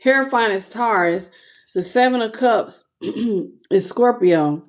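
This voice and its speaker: A woman's voice: medium pitch, slow pace. A woman giving a casual tarot reading to camera. She talks straight to her viewers in loose slang and sounds moved by what she is reading. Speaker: tarot reader.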